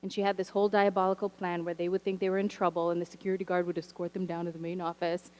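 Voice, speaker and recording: A woman teacher telling stories from her classroom in a church sermon, animated and wry, with humorous asides. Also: on the low side, very fast, poor audio. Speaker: teacher sharing a story from the pulpit. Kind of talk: storytelling sermon. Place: church sanctuary.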